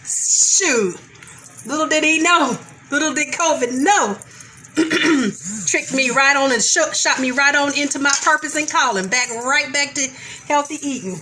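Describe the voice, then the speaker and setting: Woman vlog host, high-pitched, slow and easy delivery, slight congestion, quick to laugh, frank and salty. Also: pushed and bright, slight background noise. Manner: laughs often, loose and candid with mild profanity. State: mildly congested. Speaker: vlog host greeting live viewers. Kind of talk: casual live chat while cooking.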